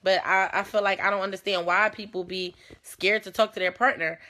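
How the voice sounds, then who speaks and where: A young woman holds forth on a casual talk show. She talks bluntly and animatedly and swears freely, with a confrontational edge that never softens. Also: medium pitch, steady tone, brisk.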